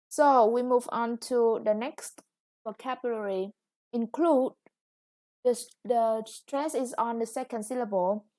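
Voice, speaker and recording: A woman's voice: on the high side, darkish tone. A woman English teacher with a Vietnamese accent, explaining a lesson patiently. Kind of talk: recorded classroom lesson.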